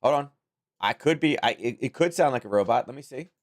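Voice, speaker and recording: A slightly hoarse man hosting a trading livestream from home, talking casually and thinking aloud into a close microphone. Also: medium pitch, animated, brisk. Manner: rambling, thinking aloud, chuckling asides. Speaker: trading stream host. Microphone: close-up desk microphone.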